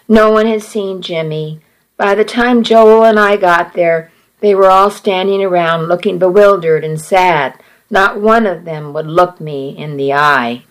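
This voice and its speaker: Woman, first-person story narration, earnest, slow pace. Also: mid-range voice, rough recording.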